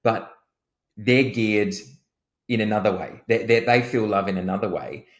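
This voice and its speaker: A man speaking as a coach on a podcast, thoughtful and halting, often repeating words while searching for them. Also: lowish voice, fairly even intonation, reverberant. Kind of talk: casual podcast chat.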